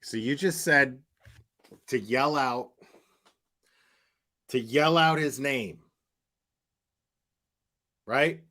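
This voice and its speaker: A man's voice: medium pitch, drawn-out words, long pauses, sharp tone. A man giving mocking reaction commentary, with sarcastic, teasing asides to viewers.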